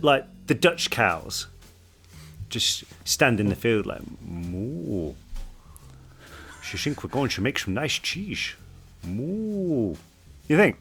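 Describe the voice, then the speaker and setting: A man's voice: mid-range voice, a bit bright. A man co-hosting a podcast, chatting casually and playfully and putting on silly voices now and then. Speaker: podcast co-host.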